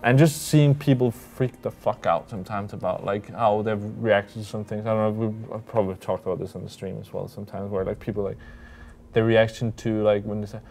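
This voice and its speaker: A man co-hosting a game livestream, talking casually and handing out quick gameplay tips, with game music faintly behind. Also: on the low side, fairly even intonation, a little mellow. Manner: chatty, quick advice-giving, lots of fillers. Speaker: livestream co-host.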